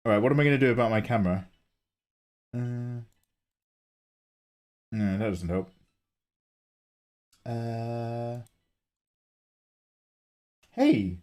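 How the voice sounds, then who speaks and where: A man from England hosting a casual live art stream, greeting viewers and joking around with a sleepy, low-energy manner. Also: lively intonation, slow, pauses often. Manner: chatty, greets viewers, self-deprecating jokes. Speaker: livestream host, illustrator. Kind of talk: casual livestream chat.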